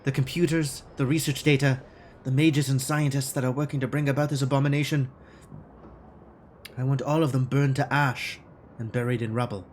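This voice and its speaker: A man voicing a guarded, formal corporate woman scientist in a put-on German accent, with clipped, measured speech. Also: mid-range voice, fairly even intonation, darkish tone, slight background noise, lightly acted. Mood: resolute. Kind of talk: video game dialogue read aloud.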